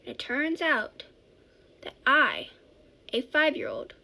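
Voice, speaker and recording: Chatty woman storyteller, self-correcting, slightly high voice. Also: slow, gravelly. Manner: rambling, self-correcting, animated. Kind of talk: casual storytime.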